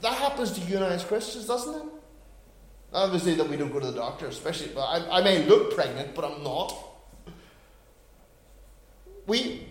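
A man in his forties preaching a sermon, swinging between hushed, quiet stretches and loud, emphatic bursts. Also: on the high side, expressive, fast talker, reverberant. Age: 40s. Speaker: pastor.

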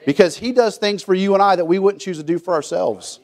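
A man's voice: sits high, brisk, darkish tone. A man preaching a folksy sermon, acting out quotes and often restarting his sentences. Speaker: pastor.

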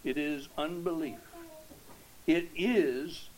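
A man preaching a sermon to his congregation, earnest and emphatic, dropping to hushed tones and swelling to loud declarations, posing rhetorical questions. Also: fairly high pitch, slow, low-quality recording. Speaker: pastor.

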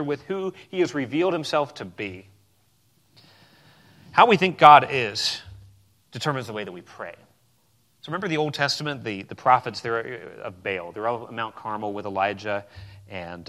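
A pastor preaching a sermon with emphatic swings between loud declarations and quiet, low passages. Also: male voice.

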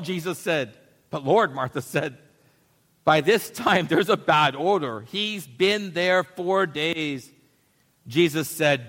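A male pastor preaching a sermon, moving between loud emphatic declarations and quiet reflective asides. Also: high voice. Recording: long hall reverb.

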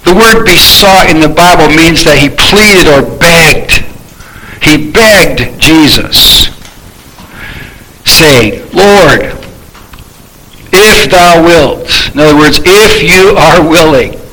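A man's voice: fairly high pitch, lively intonation, slow, sharp tone, low-quality recording. A man preaching a sermon in a conversational teaching manner, reading Bible verses and then explaining them while asking his listeners questions.

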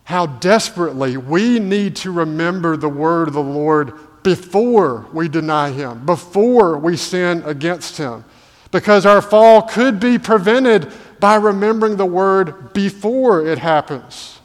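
A man's voice: sits high, expressive, unhurried. A male pastor delivering a sermon, asking rhetorical questions and building to emphatic peaks. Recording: long hall reverb.

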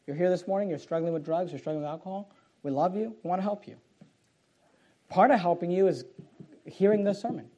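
A man's voice: sits high, brisk, pauses often, warm tone. A man preaching a sermon to a church congregation, reading scripture aloud with mounting force. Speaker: pastor. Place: church auditorium.

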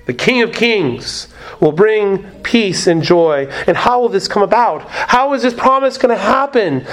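High-voiced man preaching a sermon. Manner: expository preaching, repeats key phrases, asks rhetorical questions. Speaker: pastor.

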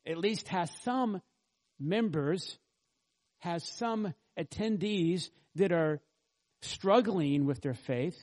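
A man's voice: sits high, slow, a little mellow. A man pastor preaching an expository sermon, earnestly teaching and asking the congregation rhetorical questions.

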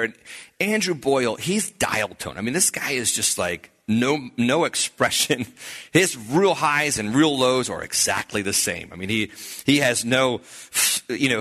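Bright-voiced pastor telling a story. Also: male voice, medium pitch. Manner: animated storytelling, acting out quoted voices. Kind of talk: storytelling testimony.

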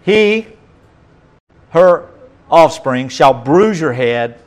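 A man's voice: fairly high pitch, animated, drawn-out words, poor audio. Man preaching with dramatic emphasis. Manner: dramatic reading with sudden loud emphasis and quiet asides. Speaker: pastor. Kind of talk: sermon reading scripture.

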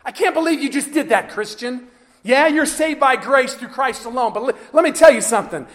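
Guy putting on a fed-up scolding god voice, higher and pushy. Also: expressive, brisk, a bit bright. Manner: scolding, exclaiming. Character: exasperated scolding God, male, displeased.

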